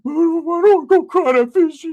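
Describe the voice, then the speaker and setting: A man doing a squeaky panicky teen cousin. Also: normal speed, warm tone, muffled recording. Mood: panicked. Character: scared whiny young male cousin, teen.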